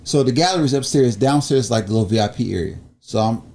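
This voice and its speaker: A man from Ohio, a guest on a casual podcast, telling stories in a lively, slangy way and acting out what people said. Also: medium pitch, quick pace. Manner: animated storyteller, acts out quotes in slangy talk. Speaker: guest, clothing brand owner.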